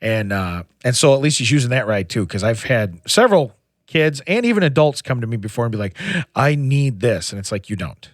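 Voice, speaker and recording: A man's voice: medium pitch, sing-song, fast talker, no echo. A middle-aged man chats on a podcast and spins a long, rambling story. His voice sits in a middle register and sounds dry and close, with no room around it. He restarts his sentences often and keeps slipping in "you know". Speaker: podcast co-host. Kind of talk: casual chat.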